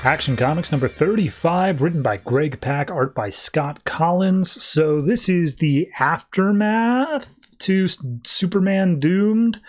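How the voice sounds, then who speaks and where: A man's voice: on the high side, a little mellow. A man hosting a podcast, casually recapping a comic issue in a loose, rambling way and paraphrasing scenes. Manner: loose, rambling summary full of 'he's like' paraphrase. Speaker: podcast host.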